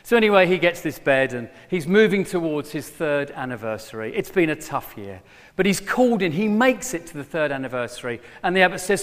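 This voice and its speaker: A middle-aged man preaching a sermon to his former church, telling a story with lively bursts when he plays a character. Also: a little high, fairly quick. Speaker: former pastor, guest preacher. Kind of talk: sermon with a joke. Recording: long hall reverb.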